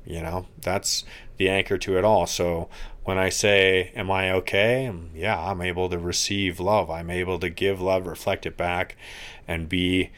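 A man co-hosting a podcast, recovering from an injury, speaking in a slow, reflective and earnest way. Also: deep voice, flat delivery, fairly bright tone. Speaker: podcast co-host. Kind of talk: casual podcast chat.

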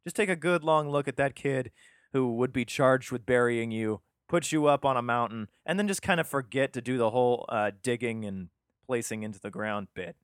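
A man's voice: mid-range voice, normal speed, clean tone, dry recording. A man reads old scripture aloud, then drifts into loose, irreverent asides full of swearing and sarcasm. His voice sits in a middle register. The sound is dry and close, with almost no room around it. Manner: yawning, drowsy. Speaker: podcast host reading scripture with commentary. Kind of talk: casual reading and commentary.

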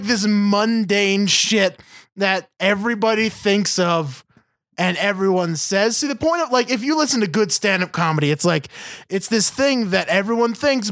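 High, gravelly-voiced man ranting. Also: a bit bright, no echo, studio quality. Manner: ranting, profane, mocking voices. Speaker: podcast co-host. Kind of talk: casual chat. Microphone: video call.

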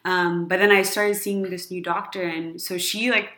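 A woman's voice: on the low side, fairly even intonation, moderate pace, a bit bright, echoey room. A woman in her thirties telling a long personal story to friends in casual chat, rambling with lots of fillers and frequent laughter.

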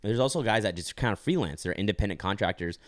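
A man's voice: fairly low pitch, expressive, fast. A young man hosting a podcast, chatting casually with plenty of fillers and jokes. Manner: rambling, filler-heavy, joking. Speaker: podcast host. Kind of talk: casual chat.

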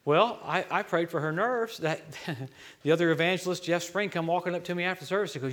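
A man preaching a sermon as a guest speaker, telling stories in an animated, joking way that swings from loud to hushed. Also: high voice, a little fast. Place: church.

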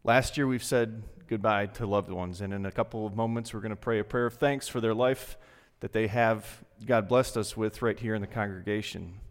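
A male pastor giving a sermon in a church, speaking earnestly and conversationally with dramatic pauses. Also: fairly low pitch, fairly even intonation. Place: church sanctuary. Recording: long reverb from a large hall.

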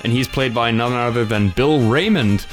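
A man co-hosting a casual movie chat, adding trivia and quick asides. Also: medium pitch, over music. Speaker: podcast co-host.

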